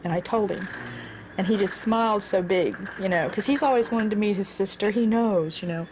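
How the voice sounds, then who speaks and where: A woman in her forties telling her own life story in an earnest, halting way, repeating words as she goes. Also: mid-range voice, noisy background. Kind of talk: personal storytelling.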